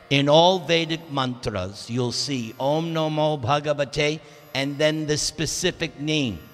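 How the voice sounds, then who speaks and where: A man with a bright, somewhat high voice delivers a scripture class at a slow, deliberate pace. He stretches out important words for emphasis. The sound carries a long reverb from the temple hall, with faint instrumental music behind him. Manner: emphatic, drawn-out teaching delivery.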